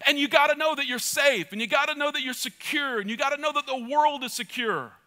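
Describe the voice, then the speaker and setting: A middle-aged man preaching a sermon as pastor, urging his congregation passionately and repeating phrases for emphasis, swinging between loud calls and soft asides. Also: very high voice, a little fast, some chatter behind.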